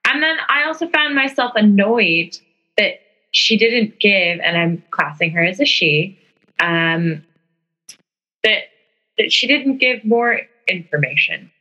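A woman's voice: mid-range voice, lively intonation, slow, pushed and bright, slightly rough, highs cut off. A woman co-hosting a podcast, chatting casually about a film in a playful, jokey way. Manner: playful and jokey, laughs easily. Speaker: podcast co-host.

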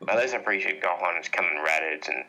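A man co-hosting a podcast in casual joking chat, rambling into absurd deadpan tangents. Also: sits low, fast, a loud crowd, low-quality recording. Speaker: podcast co-host.

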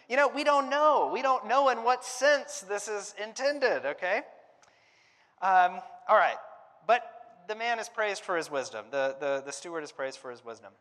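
This Bible teacher's voice is high-pitched, animated, and fairly bright, moving at a normal speed. His conversational lesson is full of thinking aloud, hedges, and restarts, with long hall reverb on the recording.

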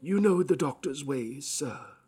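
A man's voice: on the high side, animated, unhurried, darkish tone, husky, soft background music, pitched above the performer's own voice. A man voicing a worried, deferential manservant in an audiobook. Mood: uneasy. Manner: anxious, deferential.

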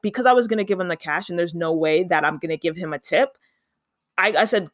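A speaker from Canada, telling a story in a chatty, animated vlog style and acting out the dialogue. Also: medium pitch, fast talker, no echo, studio quality.

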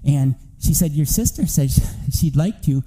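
Bright high-voiced man preaching. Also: normal speed, low-quality recording. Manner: storytelling, animated, rising to near-shouting. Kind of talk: sermon testimony.

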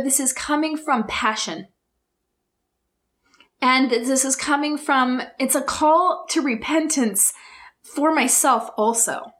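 A woman hosting her own podcast, talking straight to her listeners with rhetorical questions, earnest and openly emotional. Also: sits high. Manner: earnest, emotional, speaks in slow emphatic bursts. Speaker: podcast host. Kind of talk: heartfelt solo podcast talk.

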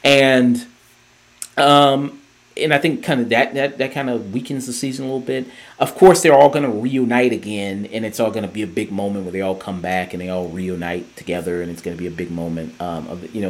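Man, podcast co-host, casual review chat, rambling, lots of fillers. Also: on the low side. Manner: rambling, many fillers and restarts.

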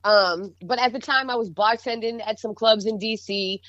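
A woman with a Boston accent, a DJ telling animated, profane stories in a casual podcast chat. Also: a little high, normal speed, no echo, dull audio. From Boston North Shore. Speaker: DJ guest.

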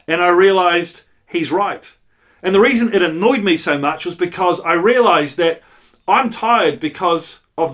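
A man's voice: on the high side, a bit bright. A male pastor giving a sermon in a conversational, earnest way, telling a personal story with frequent asides. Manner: conversational, earnest, self-deprecating storytelling with frequent "you know".

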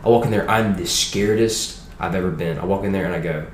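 Young male podcast guest, low voice, roomy echo, lively testimony. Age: young adult. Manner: animated, quick storytelling with acted quotes. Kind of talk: personal testimony storytelling. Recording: roomy room echo with faint noise.

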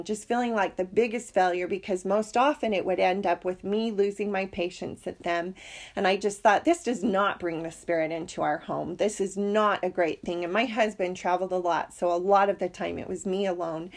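A middle-aged woman teaching a scripture lesson, reading verses and sharing a personal story in an earnest, heartfelt way. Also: medium pitch.

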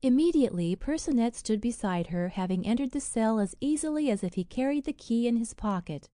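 A woman narrating a fairy tale audiobook in a measured, expressive way. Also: mid-range voice, dry recording, studio quality.

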